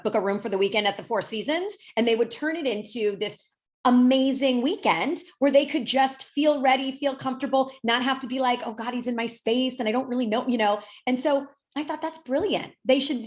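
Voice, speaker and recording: Chatty woman dating coach, slightly high voice. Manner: chatty, many "you know" fillers. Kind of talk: casual podcast chat.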